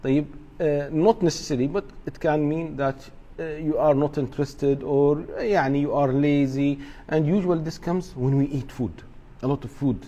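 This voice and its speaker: Guy teaching a religion class, mellow kinda high voice, repeats stuff, slow and patient. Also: fairly even intonation, highs cut off. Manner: explains step by step, repeats key points, mixes in Arabic words.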